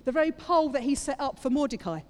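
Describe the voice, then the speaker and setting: A woman's voice: high voice, animated, fast talker. A woman preaching a sermon, retelling a story with playful asides to her congregation. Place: church hall with audience. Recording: long reverb of a large hall.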